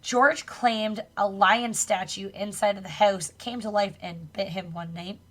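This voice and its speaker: A woman co-hosting a podcast tells a spooky true story in a relaxed, chatty way. She swears casually now and then and laughs along with her co-host. Her voice sits in an ordinary middle pitch. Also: unhurried. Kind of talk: casual chat, retelling a true crime story.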